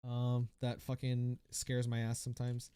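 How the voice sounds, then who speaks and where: A man's voice: medium pitch, completely flat delivery, a little slow, mellow, clean tone. A young man in his twenties chatting on a casual livestream, rambling with lots of swearing, fillers and restarts as he reads viewer comments. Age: 20s.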